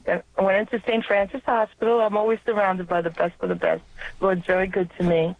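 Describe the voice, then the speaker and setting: A woman's voice: mid-range voice, little pitch movement, vocal fry. A woman caller with a New York accent, earnestly telling a personal faith story and often restarting her words. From Long Island, New York. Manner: earnest, halting, restarts mid-word. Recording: tinny phone line.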